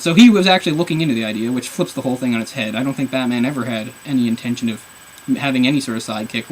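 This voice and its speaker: A man's voice: mid-range voice, a little hiss or hum, rough recording. A man reviewing a comic book on camera, rambling in an exasperated, sarcastic way. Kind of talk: casual video review.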